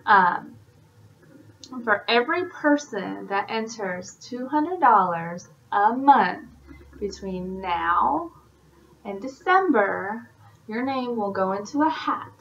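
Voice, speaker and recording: A woman's voice: mid-range voice, animated, slow pace, a bit bright. A woman in a casual video update to her sales team, chatty and encouraging, her talk full of fillers. Her voice sits mid-range. The audio is a little dull and lo-fi, with a faint hiss behind it. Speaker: independent sales consultant.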